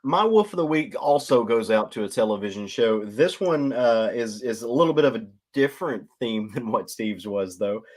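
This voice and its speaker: A man's voice: medium pitch, expressive, normal speed, hardly any pauses, a little mellow. A man co-hosting a comics podcast in casual chat, rambling with many fillers. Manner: rambling, many ums and uhs. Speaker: podcast co-host.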